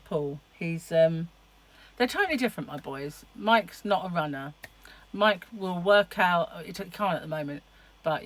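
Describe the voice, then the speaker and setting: A woman's voice: deep voice, low-quality recording. A middle-aged woman chatting casually to camera in a rambling, laughing way. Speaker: vlogger.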